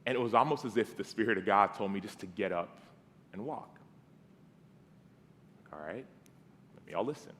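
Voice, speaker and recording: A man in his thirties preaching a conversational storytelling sermon. He acts out the dialogue and drops to soft tones. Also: on the low side, normal speed, long pauses. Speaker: guest preacher. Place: church sanctuary. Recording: long hall reverb.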